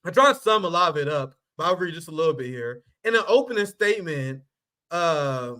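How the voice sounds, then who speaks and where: A man's voice: a little high, expressive, fairly quick, sharp tone. A man hosting a political livestream, talking in a blunt, profane and mocking way and laughing at his own jokes. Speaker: host. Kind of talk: casual political livestream commentary.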